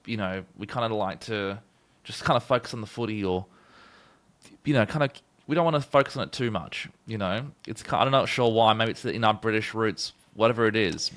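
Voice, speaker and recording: A man's voice: on the low side, brisk, fairly bright tone. An Australian man hosting an interview, talking casually with lots of fillers like "you know" and "kinda". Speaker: host.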